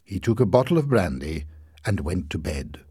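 Man, storybook narrator, husky lowish voice, very lively pitch, dry close sound. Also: normal speed, no room sound. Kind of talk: storybook reading.

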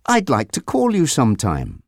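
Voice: mid-range voice, wildly swooping pitch, normal speed, creaky, no room sound, studio quality, exaggerated voice. A narrator voicing a charming young motocross rider in a storybook reading.

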